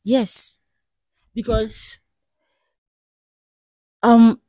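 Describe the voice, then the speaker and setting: A woman playing a shop owner in a skit, speaking hesitantly with pauses. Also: on the high side, flat delivery, mellow, dry recording, clean studio sound. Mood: uncertain. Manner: hesitant, with many pauses and fillers. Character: female shop owner, worried, troubled by theft. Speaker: shop owner consulting the diviner.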